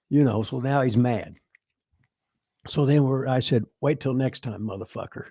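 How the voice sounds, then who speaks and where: A man's voice: mid-range voice, moderate pace, dark tone, breathy edge, no room sound, studio quality. An older man, the show's host, telling rambling, profane stories in a casual chat and laughing as he goes. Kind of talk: casual storytelling.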